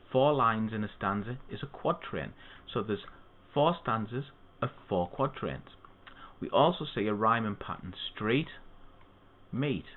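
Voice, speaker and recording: An English literature tutor with a fairly low voice explains a poem to students over tinny audio. His teaching is steady and methodical, with spoken asides along the way.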